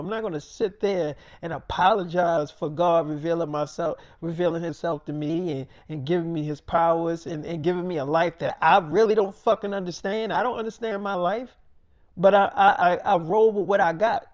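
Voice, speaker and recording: Man, high register, profane rambling storyteller, freestyle monologue. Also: normal speed, hardly any pauses. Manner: profane, rambling, repeats himself.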